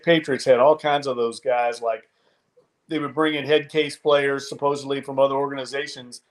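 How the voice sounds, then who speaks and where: Man breaking down football, measured. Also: medium pitch. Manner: measured, analytical, frequent restarts. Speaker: podcast co-host. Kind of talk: casual sports talk.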